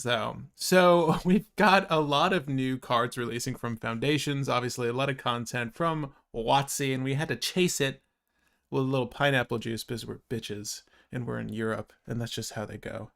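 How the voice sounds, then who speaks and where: A young man hosts a casual card game stream, chatting loosely and cracking jokes. He laughs often and rambles between topics. His voice sits at an ordinary middle pitch. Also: vocal fry, fairly bright tone. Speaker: host.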